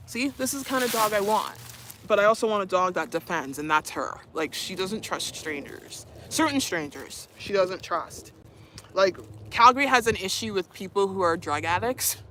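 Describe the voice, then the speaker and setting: A woman's voice: medium pitch, lively intonation, moderate pace, fairly bright tone, a little hiss or hum. A young woman streaming live, chatting casually, reading viewer comments, laughing often and cooing to her dog. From Canada.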